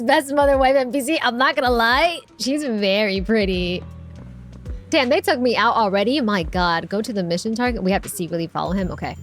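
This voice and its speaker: A young woman with a Hispanic accent, giving chatty, giggly commentary while streaming a game. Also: on the high side. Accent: Hispanic American English. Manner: chatty, giggly, reacts aloud.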